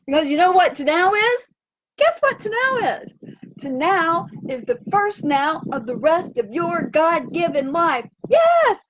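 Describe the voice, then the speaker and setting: Bubbly high-voiced woman cheering. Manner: bubbly, chanting and cheering, very animated. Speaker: wellness vlogger hosting a livestream. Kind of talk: upbeat motivational livestream chat. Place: home in Fiji by the sea. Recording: dull lo-fi sound.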